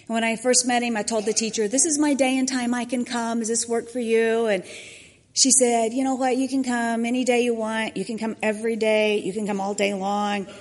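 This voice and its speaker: A woman's voice: a little high, brisk. Woman telling a story in a hall. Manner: animated storyteller acting out quotes. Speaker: church volunteer mentor. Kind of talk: personal testimony talk. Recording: long hall reverb.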